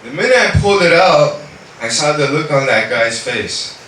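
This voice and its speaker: A man tells a personal faith testimony in a lively, conversational way, peppering it with "you know" and switching into Korean now and then. His voice is bright. He is recorded from a distance in a very echoey room with faint background noise. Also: a little high, normal speed. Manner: animated storytelling, heavy on fillers like "you know". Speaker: speaker giving a testimony.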